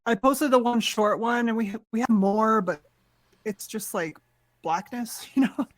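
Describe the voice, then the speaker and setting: A woman on a podcast team, speaking casually and earnestly, with halting restarts. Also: a little high, dry recording. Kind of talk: casual chat.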